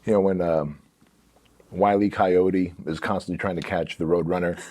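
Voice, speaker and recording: A man's voice: sits low, steady tone, moderate pace, mellow. A man hosting a podcast interview. He reacts with enthusiasm, swears freely and affirms his guest often. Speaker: podcast host. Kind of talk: casual interview chat. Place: podcast studio.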